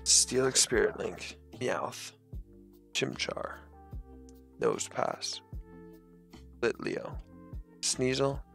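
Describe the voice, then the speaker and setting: Gravelly young Canadian man chatting casually. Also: mid-range voice, moderate pace, a bit bright, soft background music. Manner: laid-back, swearing, joking banter. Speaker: channel host opening card packs. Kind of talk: casual chat.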